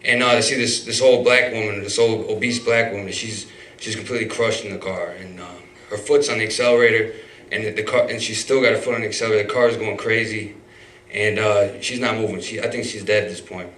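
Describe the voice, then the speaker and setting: A man's voice: lowish voice, steady tone, fast, a bit bright. A man telling a personal story live on stage, rambling, with restarts, fillers and swearing. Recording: roomy hall, mic far off.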